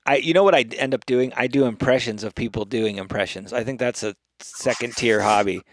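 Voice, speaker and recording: A man's voice: mid-range voice, no room sound. A man co-hosting a podcast, chatting casually in a rambling, jokey way. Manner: rambling, jokey, breaks into quick impressions. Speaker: podcast co-host. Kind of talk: casual chat. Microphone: headphones and desk mic.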